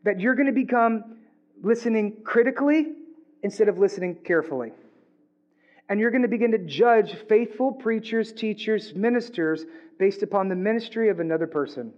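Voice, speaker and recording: A male pastor preaching a sermon in an animated, joking way, with frequent asides to the congregation. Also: high voice, moderate pace, lo-fi sound.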